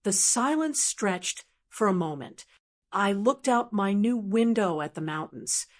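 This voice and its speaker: An older woman in her sixties telling a first-person story in a calm, measured way. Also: mid-range voice. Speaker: narrator.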